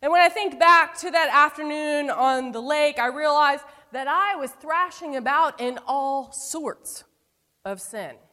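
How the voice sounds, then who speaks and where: A woman preacher with a fairly high voice gives a sermon as a story. She moves from forceful, ringing phrases to quiet, slowed-down endings. Her voice carries a long reverb, like a large church space. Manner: storytelling with wide swings between emphatic and hushed delivery. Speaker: pastor.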